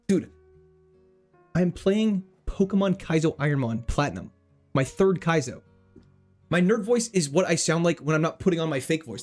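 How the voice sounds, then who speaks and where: A man streaming a video game, chatting casually with his viewers, joking around and reading their messages out loud. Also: on the high side, moderate pace, pauses often, faint music behind. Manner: jokey, animated, reads chat aloud. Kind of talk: casual livestream commentary.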